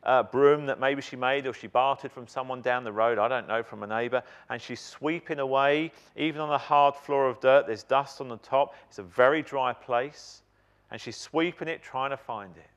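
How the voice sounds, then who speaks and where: A man preaching a sermon in a church, emphatic and animated, putting questions to the congregation. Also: medium pitch, moderate pace.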